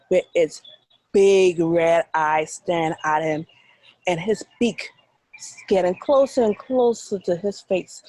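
A woman's voice: mid-range voice, a little mellow, dry recording, low-quality recording. A Bahamian woman, a teacher, telling a dramatic story to children with sound effects and then asking questions.

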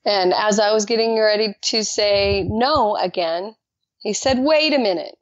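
A woman guest telling her personal faith testimony in an animated way, acting out the dialogue she quotes. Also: unhurried, no echo. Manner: animated, acts out quoted dialogue with jumps in pitch. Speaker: podcast guest. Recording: dull lo-fi dry recording.

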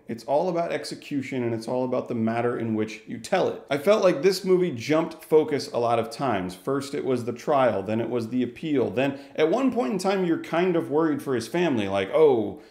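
Casting: a man with a medium-pitched voice rambling through a wry movie review in a roomy, echoing space. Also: darkish tone. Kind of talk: casual video review. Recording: echoey room.

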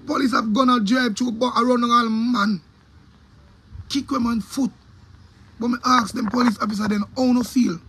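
A man's voice: extremely high pitch, steady tone, normal speed, long pauses, a bit bright, husky. A man with a Jamaican accent, a DJ delivering an angry, profane, repetitive rant about his opinions. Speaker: DJ giving opinions.

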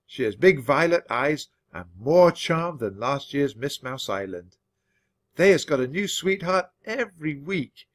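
A man reading a children's book aloud for English learners, with expressive, animated storytelling. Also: fairly high pitch, a little slow. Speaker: storybook reader.

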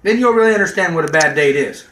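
A man with a high, bright voice tells a story as a casual comedy rant. He swears freely and shouts out the lines he quotes. The room sounds echoey, with faint noise behind him. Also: animated, fast talker. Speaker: vlogger.

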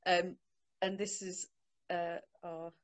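Young woman host, casual live-stream chatter, lowish voice, phone mic at home. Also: little pitch movement, slow pace. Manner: chatty, laughing, informal. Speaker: host of her book launch. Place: home, on a sofa.

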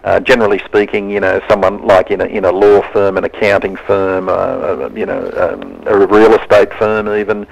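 A man's voice: low-pitched, level tone, moderate pace, gravelly, few pauses. A man being interviewed live on radio over a phone line, earnest and plain-spoken as he gives advice. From Australia. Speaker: interview guest, honorary consul.

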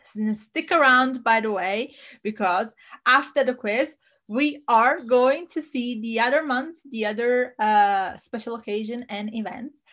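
High, animated Italian woman teacher. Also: a little slow. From Italy. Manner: animated, chatty, reads viewer comments aloud. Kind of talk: live-stream lesson.

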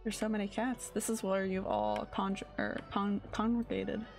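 A woman's voice: medium pitch, big pitch swings, moderate pace, a little mellow, faint music behind. A woman streamer giving casual gameplay commentary in a sleepy, rambling way, often searching for her words. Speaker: game streamer.

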